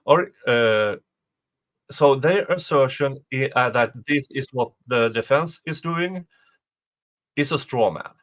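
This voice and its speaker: A man talking casually on a livestream, reading a legal filing aloud and then breaking off into his own commentary. He rambles, restarts his sentences and corrects himself as he goes, and his asides have a sarcastic edge. His voice sits at an ordinary middle pitch. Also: animated, slow pace, fairly bright tone, rough recording.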